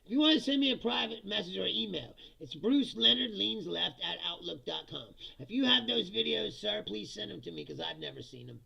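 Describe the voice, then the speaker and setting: A man on a live-stream giving a profane, blunt rant, laughing often between remarks. His voice is heavily gravelly and sharply bright, with a husky edge. His pitch sits a little high for a man. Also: animated, fairly quick, hardly any pauses, lo-fi sound. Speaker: live-stream commentary host. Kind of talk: casual ranting live-stream commentary.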